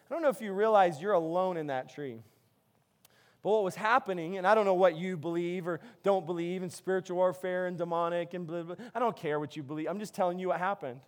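A man with a notably high voice preaches to his congregation. He tells stories in an animated way, often restarting his phrases as he builds toward his point. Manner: animated storytelling with many restarts. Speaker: pastor. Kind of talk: sermon.

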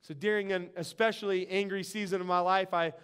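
A middle-aged man delivers a sermon in a very high, smooth and clear voice. He preaches earnestly, with a conversational, storytelling manner. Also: steady tone, a little fast, a bit bright. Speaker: pastor.

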